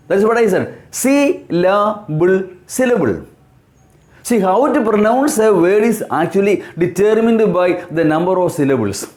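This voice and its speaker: A man teaching English, explaining words slowly, spelling them out letter by letter and repeating key terms. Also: sits high, darkish tone. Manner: asks and answers his own questions. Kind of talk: slow explanatory lesson.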